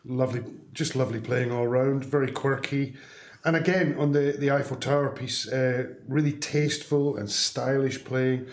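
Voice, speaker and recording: A man comments appreciatively on a band performance. His voice is mid-pitched and carries a roomy echo. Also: normal speed.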